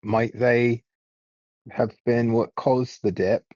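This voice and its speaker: A man's voice: mid-range voice, level tone, slow, a little mellow, no room sound, highs cut off. A man playing a tabletop game, thinking aloud in a rambling way. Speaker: player. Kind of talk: casual tabletop chat.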